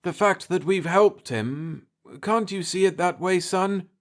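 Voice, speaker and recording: A man voicing a calm older space prospector who talks earnestly and steadily to his son, in a raised voice. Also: high-pitched, unhurried, voice pushed up.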